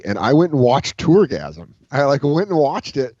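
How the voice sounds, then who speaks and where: A man with a medium-pitched voice talks fairly quickly as a comedian guest in a casual interview, telling meandering stories full of profanity and lively impressions of what others said. It's recorded on a video call, lo-fi and dull, with no room sound.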